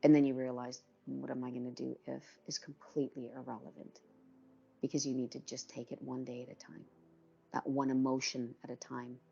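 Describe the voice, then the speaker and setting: Fifty-something woman telling her cancer story, low gravelly voice, kinda muffled recording. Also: flat delivery, a little fast, dark tone. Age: 50s. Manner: candid storytelling, acting out quoted voices. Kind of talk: personal testimony.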